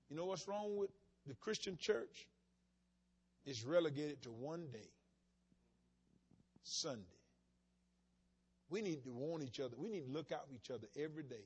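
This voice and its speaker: A man's voice: high-pitched, lively intonation, normal speed, long pauses, slightly rough. A male pastor preaching a sermon in a folksy, emphatic way, mixing plain storytelling with bursts of insistence.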